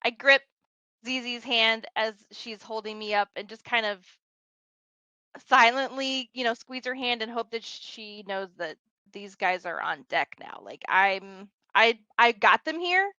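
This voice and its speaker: A woman's voice: on the high side, animated, unhurried, sharp tone, no echo. A woman playing a tabletop game, describing her character's actions in first person. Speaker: player. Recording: slightly dull lo-fi mic.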